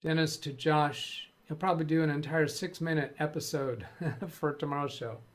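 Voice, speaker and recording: A man's voice: fairly high pitch, steady tone, moderate pace. A man hosting a casual live stream, rambling as he reads chat messages aloud and answers them. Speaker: host of a live tech stream.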